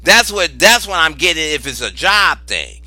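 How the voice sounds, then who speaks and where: Animated, bright-voiced man doing a tarot reading. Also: on the high side, normal speed, no room sound, faint music behind. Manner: animated, exclaims and repeats phrases for emphasis; informal, cusses freely. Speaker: tarot reader. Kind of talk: casual tarot reading vlog.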